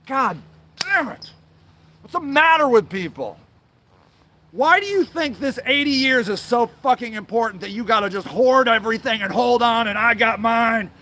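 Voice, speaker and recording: Male host, high pitched, angry, foul-mouthed livestream rant, apologetic in between. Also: lively intonation, moderate pace, bright, forceful tone. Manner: angry, profane, swears constantly; apologizes then rants on, trailing filler sounds. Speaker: show host.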